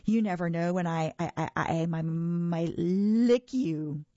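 A woman's voice: fairly low pitch, slow pace, dark tone, no room sound, lo-fi sound. A woman voicing a big, scruffy, slobbering boy monster who slurps and whines, in a storybook reading. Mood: whiny. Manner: slurping and whiny.

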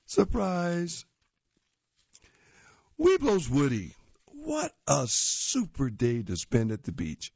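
Gravelly, lively man reading comics aloud. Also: on the high side, slow pace, pauses often, no room sound, highs cut off. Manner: playful, jokey, acts out characters. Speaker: comic strip reader.

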